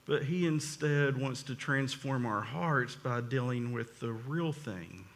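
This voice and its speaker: A man's voice: medium pitch, takes it slowly. A middle-aged man preaching a sermon as pastor, in a repetitive cadence full of restarts.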